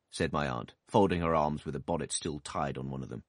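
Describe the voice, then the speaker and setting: A man narrating a classic novel as an audiobook, in an expressive, measured storytelling manner. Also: extremely low pitch, dry recording, clean studio sound.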